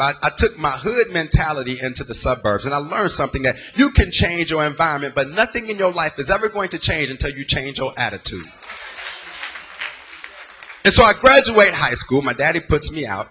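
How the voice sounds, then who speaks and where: A man's voice: fairly high pitch, expressive, a little fast, sharp tone, husky. A man from the Bay Area giving a dramatic, emotional personal testimony in a sermon, using plain street slang. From San Francisco Bay Area.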